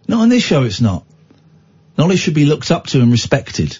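A man's voice: a little high, huge pitch swings, brisk, darkish tone, slightly rough, lo-fi sound. A man hosting a radio show, bantering in a teasing, mock-exasperated, jokey way.

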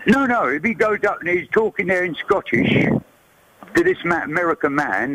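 A man's voice: high-pitched, expressive, a little fast, noisy background. A man calling a radio phone-in, arguing and rambling off his point. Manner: argumentative, rambling. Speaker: caller.

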